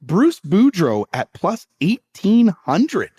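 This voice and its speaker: A man, co-hosting a hockey podcast with playful banter and quick interjections. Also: high-pitched, huge pitch swings, mellow, slightly rough. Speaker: podcast co-host. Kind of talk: casual podcast chat and ad read.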